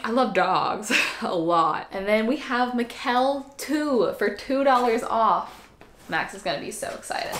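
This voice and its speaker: A woman's voice: mid-range voice, fairly even intonation, normal speed, fairly bright tone. A young woman vlogging an unboxing, chatty and gushing, squealing over cute items. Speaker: YouTuber. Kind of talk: excited unboxing vlog. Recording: echoey room.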